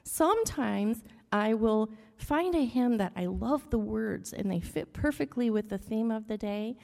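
A woman leads a relaxed hymn lesson for a congregation, checking in with "okay?" and humming out the beats. Her voice sits a little high. A long hall echo trails behind her words. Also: a little slow, creaky. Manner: chatty, explains with "okay?" and hums rhythms. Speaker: church music leader. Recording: long echo of a large room.

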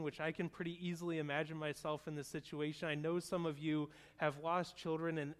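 Earnest pastor with a higher voice. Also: male voice. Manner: earnest, conversational storytelling. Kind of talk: sermon. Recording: long hall reverb.

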